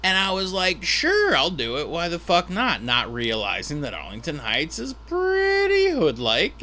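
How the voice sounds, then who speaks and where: A man's voice: fairly high pitch, creaky, sharp tone. A man who is a stand-up comedian, telling a rambling, self-deprecating story with restarts and asides. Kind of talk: storytelling monologue.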